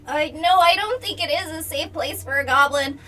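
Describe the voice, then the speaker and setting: Lady doing a jumpy little goblin guy, kinda high, sounds far from the mic. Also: moderate pace, bright, forceful tone, soft background music. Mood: relieved. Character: scrawny, haunted little male goblin, nervous.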